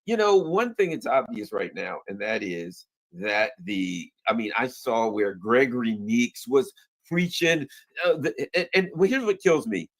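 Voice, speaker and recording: Animated man riffing on politics. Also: medium pitch, unhurried. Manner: animated, restarts often, mocks opponents in put-on quotes. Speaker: co-host. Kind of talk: political commentary chat.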